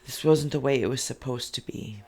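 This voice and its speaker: A spiritual reader hosting an inkblot reading channel, who rambles with loose, repetitive phrasing and sometimes drops into soft, emotional half-whispers. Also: mid-range voice, fairly quick, gravelly, breathy edge.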